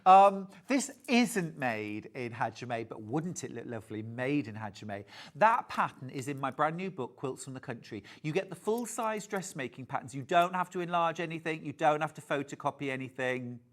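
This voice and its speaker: A man's voice: fairly high pitch, animated, moderate pace, hardly any pauses. A man hosting a live TV shopping sale, chatty and gushing, reading out viewers' messages and calling them darling. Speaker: shopping channel host. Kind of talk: live TV shopping sales pitch.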